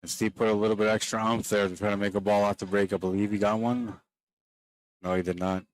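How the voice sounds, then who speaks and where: Speaking straight to his stream audience, a man calls a pool match live in a relaxed, chatty way, a bit worn out as the day drags on. His voice sits on the low side, he talks quickly, and the recording is dry.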